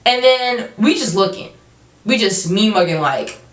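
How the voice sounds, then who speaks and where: A young adult woman telling a storytime vlog, animated and emphatic, with casual slang. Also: medium pitch, unhurried. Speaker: vlogger. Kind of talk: storytime monologue. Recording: roomy, from a distance.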